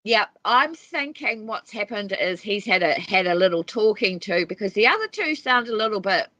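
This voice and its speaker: Bright-voiced woman from New Zealand, lively pitch, agreeable podcast co-host. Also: dry recording, highs cut off. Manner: quick to laugh, agreeable. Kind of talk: casual chat.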